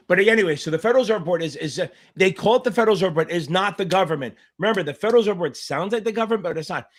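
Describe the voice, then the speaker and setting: A middle-aged man tutoring exam candidates in a live-streamed Q&A, blunt, profane and provocative, wandering into side stories. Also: on the high side. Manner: rambling digressions.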